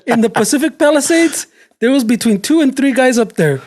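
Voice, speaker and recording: A man's voice: extremely high pitch, expressive, fairly quick, darkish tone. A man with a Chicano English accent bantering defensively in a casual podcast chat, dropping into Spanish slang.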